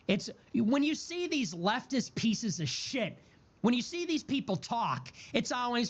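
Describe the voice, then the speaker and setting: A man's voice: extremely high pitch, big pitch swings, measured pace. Guy ranting on stream, stacking up words over and over, swearing, muffled audio. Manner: repetitive, listing words in a building rhythm; profane outbursts. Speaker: political streamer. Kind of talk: heated political monologue. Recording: dull lo-fi audio.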